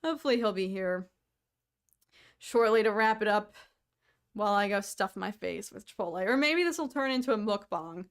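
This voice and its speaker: A young woman from the United States, co-hosting a podcast, chatting casually to viewers with quick asides and frequent laughter. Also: mid-range voice, smooth. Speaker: podcast co-host. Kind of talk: casual solo chat to viewers.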